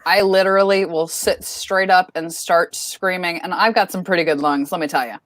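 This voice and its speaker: A woman's voice: on the low side, steady tone, normal speed, no echo, clean studio sound. A woman co-hosting a podcast, telling a dramatic story in casual chat. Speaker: podcast co-host.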